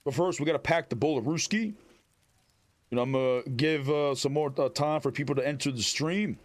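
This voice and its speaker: Animated man streaming live to chat. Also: a little high, fairly quick. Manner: loud, animated, shouts catchphrases at chat.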